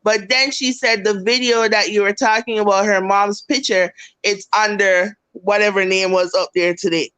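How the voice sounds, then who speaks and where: A woman from Jamaica on a casual live-stream chat, talking in an animated, rambling way. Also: medium pitch, normal speed, clean tone.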